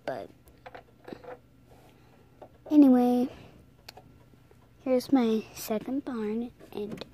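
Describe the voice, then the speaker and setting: A woman's voice: on the high side, takes it slowly, pauses often, noisy background. A young girl losing her voice gives a casual vlog tour of her toy horses, rambling, correcting herself, apologizing and often slipping into a whisper. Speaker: toy horse collector showing her setup.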